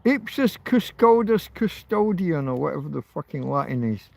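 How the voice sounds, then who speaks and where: A man's voice: on the high side, sing-song, normal speed, creaky, few pauses, darkish tone, no echo. A man hosting an informal livestream, ranting heatedly and swearing, with phrases repeated for emphasis. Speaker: livestream host.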